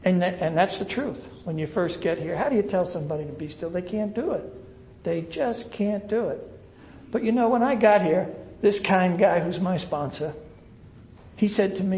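A man speaking to a meeting about recovery, telling humorous, animated stories, recorded in a roomy hall with an audience. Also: high voice, normal speed, dull audio, a little hiss or hum. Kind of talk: storytelling talk to a meeting.

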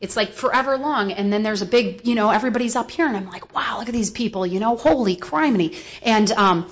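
Woman speaker, animated storyteller doing the voices in her tale, mid pitch, slightly dull recording. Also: quick pace. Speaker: recovery speaker. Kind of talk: personal testimony talk.

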